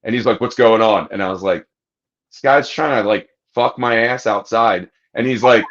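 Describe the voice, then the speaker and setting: Speaking at a moderate pace in a lowish voice, this podcast host spins a lengthy anecdote full of profanity, performing other people's lines as he goes. The recording has its highs cut off.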